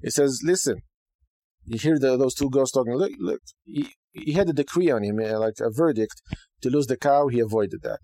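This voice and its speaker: A man's voice: mid-range voice, fairly quick, no echo. Dry-voiced man teaching casually. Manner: conversational, animated, frequent okay and right asides. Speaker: podcast host teaching Judaism.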